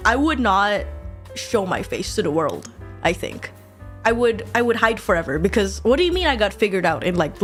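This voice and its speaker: Young woman streamer, brightish voice, rowdy and swears, faint music behind. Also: on the high side. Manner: excitable, swears a lot, laughs often. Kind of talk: casual chat while drawing.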